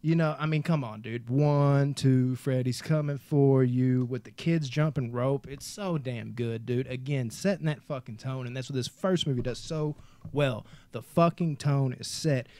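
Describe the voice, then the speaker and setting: A man from Kentucky hosting a casual movie podcast, excitable and profane, calling everyone dude. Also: mid-range voice, moderate pace, no echo. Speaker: podcast host.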